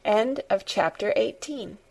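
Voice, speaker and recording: Slow, calm woman narrating a storybook. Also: medium pitch. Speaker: audiobook reader. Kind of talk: scripted narration.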